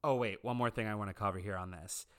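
A man's voice: on the low side, fairly even intonation, quick pace. A man giving a casual, gossipy, opinionated commentary on a reality TV show.

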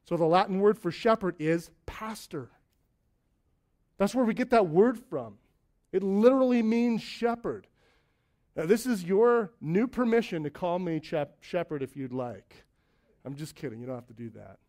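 Male preacher with a high voice, chatty and joking, leading a small church. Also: expressive, normal speed, mellow. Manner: conversational, joking asides, acts out quoted voices. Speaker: lead elder of a church plant. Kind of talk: sermon.

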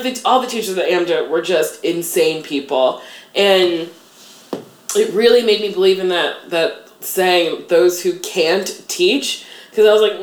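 A woman in her thirties talks through an interview in a loose, chatty way, peppering everything with "like" and poking fun at herself. Her voice sits a little low, and the room around her is echoey. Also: measured pace. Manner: chatty, self-deprecating, heavy use of "like". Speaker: interview guest. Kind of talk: casual interview chat.

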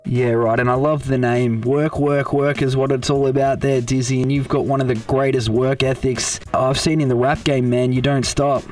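A man's voice: medium pitch, flat delivery, moderate pace, few pauses, darkish tone, recorded from a distance, soft background music. A man with an Australian accent hosting a radio interview, with an eager, chatty, upbeat manner. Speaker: radio host.

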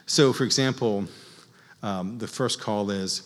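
A man teaching church music to a class, explaining in an unhurried, halting way with many fillers. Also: fairly low pitch, a bit bright. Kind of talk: class lecture leading group chant. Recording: long reverb in a large hall.

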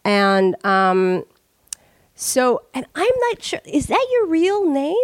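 A woman's voice: high-pitched, very animated, takes it slowly, no echo. A woman hosting a podcast in casual chat, rambling with many fillers and restarts and swearing freely. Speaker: podcast host.

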